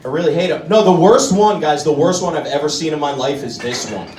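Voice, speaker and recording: A man doing live stand-up comedy in a comedy club, talking directly to the crowd in an animated way. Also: a little high, brisk, slight background noise. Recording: roomy club, distant mic, crowd laughter.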